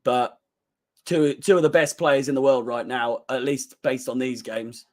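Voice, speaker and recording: A man's voice: medium pitch, steady tone, a little slow. A man hosting a live fan watchalong, giving blunt, emotional commentary on a football match with frequent swearing. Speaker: fan channel host.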